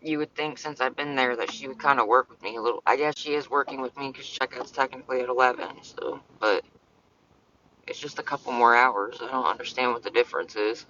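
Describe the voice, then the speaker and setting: A man's voice: mid-range voice, a little fast, bright, forceful tone, lo-fi sound, slight background noise. A man streaming casually from his parked car, rambling, swearing often and talking back to commenters. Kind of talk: casual livestream chat. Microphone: phone.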